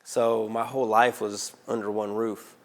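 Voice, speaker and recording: A man with an Arkansas accent, Spanish his first language, telling his life story in an interview in a lively conversational way. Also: on the low side, a little slow. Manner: animated, conversational, asks "right?" often. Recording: music playing underneath.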